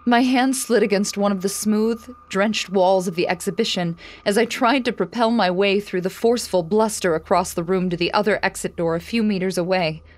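A woman giving a scripted horror story narration in a dramatic, measured storytelling manner. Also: mid-range voice. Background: faint music.

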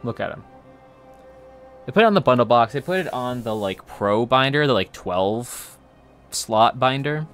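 A man hosting a livestream alone, chatting casually, animated and swearing. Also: medium pitch, normal speed, long pauses, clean tone, soft background music. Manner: animated, swears, laughs often. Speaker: streamer host.

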